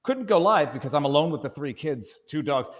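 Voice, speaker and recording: A man's voice: a little high, animated, a little fast, big-room sound. A man chatting as a guest on a live stream, joking and rambling through asides. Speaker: guest YouTube lawyer. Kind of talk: casual panel chat on a live stream.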